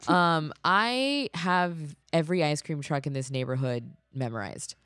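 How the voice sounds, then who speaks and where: A woman co-hosting a podcast, telling stories in a dry, deadpan casual way. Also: low-pitched, measured pace, clear, resonant tone, dry recording. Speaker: podcast co-host. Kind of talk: casual chat.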